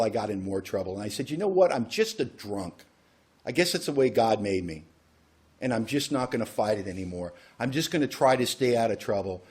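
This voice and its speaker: Man, mid-pitch, wry storyteller at a recovery workshop, self-mocking, acts out quoted voices. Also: darkish tone. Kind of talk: personal recovery story told to a group.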